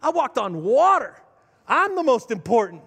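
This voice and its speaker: A man preaching voices an indignant apostle bragging that he matters most, raising his already very high voice. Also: big pitch swings, moderate pace, husky, big-room sound, heavily acted. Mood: boastful. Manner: loud and indignant. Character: brash boastful male apostle, bragging.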